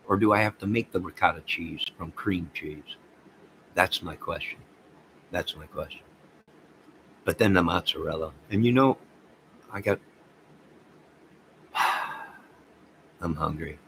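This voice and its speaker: A man hosting a casual livestream, rambling excitedly and talking to viewers by name. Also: sits low, a little slow, long pauses, slight background noise, rough recording. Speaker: livestream host reading chat.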